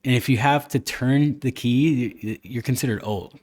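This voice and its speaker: This is a man hosting a relaxed podcast conversation. He talks at a middling pitch and tells stories with lively energy, slipping into quick put-on voices whenever he quotes salespeople or friends. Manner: animated storytelling, acting out quoted people. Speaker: podcast host. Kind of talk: casual chat.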